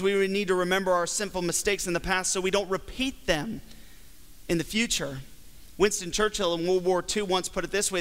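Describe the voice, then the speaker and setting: High-voiced preaching man, church reverb. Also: a bit bright. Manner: emphatic preaching with slow, stretched phrases. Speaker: pastor. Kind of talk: sermon. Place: church sanctuary. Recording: long hall reverb from a church.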